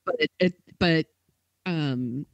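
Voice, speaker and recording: A man hosting a podcast, telling a story in a casual way, with lots of fillers and quick acted quotes. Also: a little high, vocal fry, dry recording, lo-fi sound. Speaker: podcast host.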